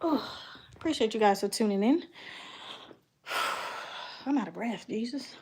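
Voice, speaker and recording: A woman's voice: fairly high pitch, animated, a little slow, slightly rough. A young woman chatting casually on her vlog, laughing often and trailing off with ums while she talks aside to her toddler. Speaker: beauty vlogger and mother.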